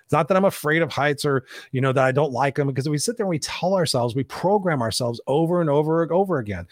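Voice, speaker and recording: Man, podcast host and coach, rapid punchy delivery, swears, dry close sound. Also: fairly high pitch, lively intonation, no echo. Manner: emphatic, punchy, swears freely. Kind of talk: motivational interview chat.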